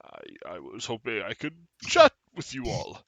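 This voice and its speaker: A man's voice: fairly low pitch, wildly swooping pitch, measured pace, gravelly, a bit bright, no room sound, full character voice. A man voicing an ancient male elf sage who speaks in a polite, rambling, old-fashioned way. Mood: genial.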